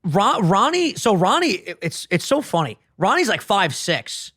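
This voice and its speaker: A man co-hosting a podcast, telling a story in a casual chat, animated and swearing a lot. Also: sits high, a little slow, no echo, studio quality. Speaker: podcast co-host. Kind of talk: casual chat, retelling a TV scene.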